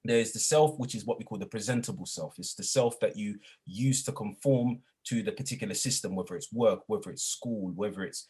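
A man, a guest in an interview, speaking reflectively and growing animated as he retells his own experiences. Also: lowish voice, brisk, hardly any pauses, slightly rough. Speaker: guest, educator and former youth worker. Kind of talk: storytelling in a conversational interview.

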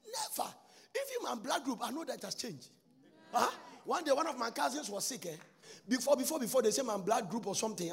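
A man preaches with a very high, gravelly voice, shouting and half-singing his lines and repeating them for emphasis. His voice rings with a long reverb through the church. Faint music plays underneath. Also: very animated, a little fast. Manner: fervent preaching that swings between shouted and sung phrases and repeats lines. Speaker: pastor. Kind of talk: sermon.

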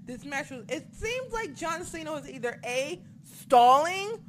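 A woman's voice: high-pitched, big pitch swings, a little slow, a little hiss or hum. A young woman co-hosting a casual wrestling chat, ranting animatedly and swearing often. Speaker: wrestling podcast co-host.

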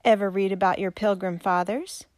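A woman voicing a proud frontier man who speaks with a blunt, drawling, forceful manner. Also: medium pitch, steady tone, moderate pace, no echo, clean studio sound, lightly acted. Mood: defiant. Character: stubborn frontier man defending his land, proud.

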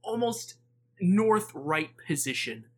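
A man's voice: high-pitched, sing-song, slow, breathy edge. Male podcast co-host, casual sports banter, playful storyteller who plays up mock analysis.

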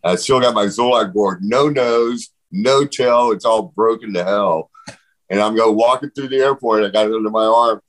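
A man telling stories in a casual interview, animated, swearing freely and acting out what others said. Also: fairly low pitch, moderate pace, low-quality recording. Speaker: guest.

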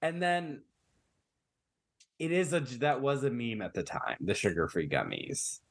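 A chatty man from Detroit, co-hosting a laid-back podcast chat. He rambles through his points at an even middle pitch and leans on plenty of fillers. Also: measured pace. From Detroit, USA. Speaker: podcast co-host. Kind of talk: casual chat.

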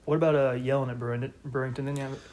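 A man's voice: medium pitch, little pitch movement, rapid-fire, a little mellow. A man in casual chat, chiming in with laughing, profane reactions.

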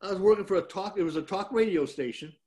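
An older man with a slightly raised pitch talks through a rambling anecdote. He is a guest and former wrestler from Detroit, self-deprecating and loose. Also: very fast, darkish tone. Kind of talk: casual storytelling.

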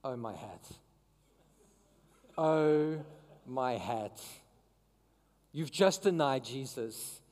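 A man's voice: medium pitch, animated, drawn-out words, long pauses, a little mellow, big-room sound. A man preaching a sermon as pastor, talking conversationally and throwing questions to the congregation. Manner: conversational, asks the crowd questions.

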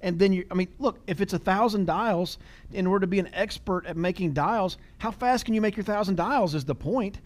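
A man's voice: sits high, brisk. A middle-aged man hosting a podcast, talking casually, telling stories with quoted dialogue and laughing easily. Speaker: podcast host.

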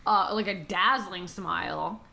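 A woman co-hosting a podcast in casual, expressive chat, exclaiming and swearing freely. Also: lowish voice, a little slow, gravelly. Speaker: podcast co-host.

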